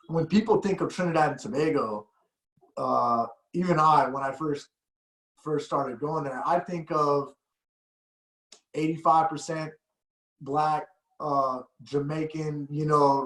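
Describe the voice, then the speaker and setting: High-voiced man chatting in an echoey room. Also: steady tone, takes it slowly, pauses often, fairly bright tone. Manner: rambling storyteller, laughs often. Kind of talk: casual podcast chat.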